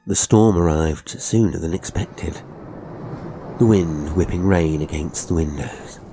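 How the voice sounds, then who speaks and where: A man narrating a ghost story audiobook in a measured, atmospheric way. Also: rumbling low, dark tone, slight background noise. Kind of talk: scripted horror audiobook narration.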